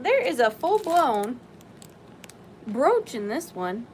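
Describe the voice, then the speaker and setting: A woman's voice: on the high side, measured pace, slight background noise, rough recording. Chatty woman hosting a live sale. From Southern US. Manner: chatty and excitable, talks to viewers by name. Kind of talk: live-stream sale chat.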